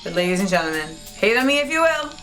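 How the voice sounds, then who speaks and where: A woman's voice: mid-range voice, big pitch swings, quick pace, a bit bright, faint music behind. A woman hosting a vlog, giving casual, sassy, candid commentary in slangy speech. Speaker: host.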